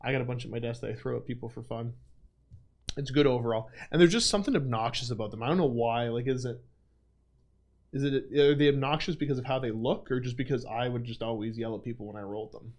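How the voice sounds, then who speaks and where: A man's voice: medium pitch, quick pace, darkish tone. Young male stream host, casual Q&A, self-deprecating, filler-heavy. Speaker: livestream host. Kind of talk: casual livestream Q&A chat.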